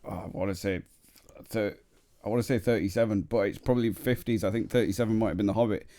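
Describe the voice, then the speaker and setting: A man's voice: on the low side, steady tone, fast, dark tone. A man co-hosting a podcast in a studio, rambling in casual chat with many restarts. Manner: rambling, restarts sentences, laughs often. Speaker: podcast co-host.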